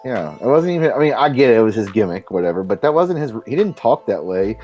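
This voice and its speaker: A man hosting a live stream, talking in a rambling, profane, animated way. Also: lowish voice, quick pace, faint music behind. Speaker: stream host. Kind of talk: casual chat.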